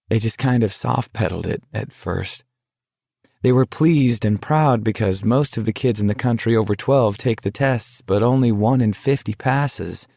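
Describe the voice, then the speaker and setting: A man voicing an earnest teenage boy in a deadly walking contest, speaking in a confiding, rambling, quietly hurt way. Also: on the low side, creaky, no echo, clean studio sound.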